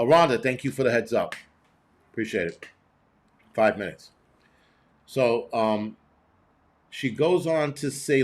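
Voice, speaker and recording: Reading chat messages aloud as he goes, a man hosting a prepping show offers rambling, blunt, and profane live-stream commentary in a mid-range voice.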